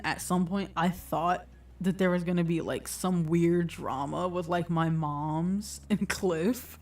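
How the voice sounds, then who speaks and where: A woman's voice: lowish voice, unhurried. A woman streamer in casual chat, laughing often and swearing casually. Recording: distant mic with faint music.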